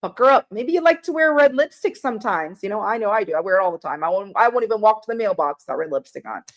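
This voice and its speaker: A woman's voice: medium pitch, animated, fast. A middle-aged woman giving a chatty live-stream tarot reading, greeting viewers by name and swearing casually. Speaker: tarot reader.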